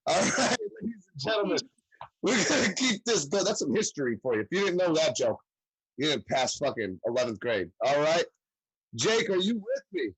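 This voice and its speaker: A man's voice: a little high, sing-song, moderate pace, fairly bright tone, husky, no echo, poor audio. A man hosting an online comedy show over a video call, bantering with comics in a loose, profane, joking way. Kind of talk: casual comedy banter and introductions.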